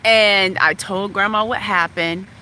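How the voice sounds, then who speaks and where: A woman from West Virginia frankly telling a personal story in a chatty, animated way. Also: medium pitch, unhurried, a little hiss or hum. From West Virginia, USA. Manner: frank, animated, chatty, laughs now and then.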